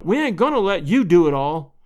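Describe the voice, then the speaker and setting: Man voicing a country housewife, excited, folksy, high, storybook. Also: brisk. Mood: eager. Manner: excited folksy rural speech. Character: eager, bustling country housewife.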